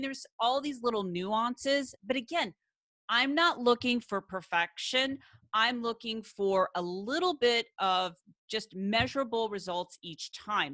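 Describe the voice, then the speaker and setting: A middle-aged woman speaks straight to her computer camera with a bright, forceful voice. She is energetic and encouraging and drives each point home by repeating it. The sound is dry, with no room echo. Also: mid-range voice. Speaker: coach. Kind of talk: direct-to-camera coaching talk. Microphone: computer recording.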